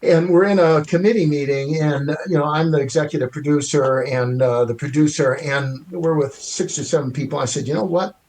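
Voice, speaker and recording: An older man from Chicago, a TV producer telling animated stories as an interview guest. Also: on the high side, brisk, few pauses. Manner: animated, expressive storyteller. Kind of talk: storytelling interview.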